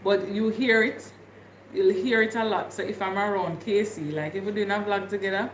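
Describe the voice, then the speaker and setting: A woman's voice: medium pitch, steady tone, normal speed, roomy sound, slight background noise. A woman from Jamaica with a Jamaican accent, chatting casually with viewers on her livestream and laughing often. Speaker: livestream host.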